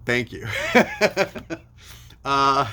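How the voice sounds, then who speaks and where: A man casually walking through new vinyl releases in a rambling way, with frequent fillers and soft chuckles. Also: mid-range voice, big pitch swings, extremely slow. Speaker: record store host showing new vinyl releases. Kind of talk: casual unscripted product walkthrough.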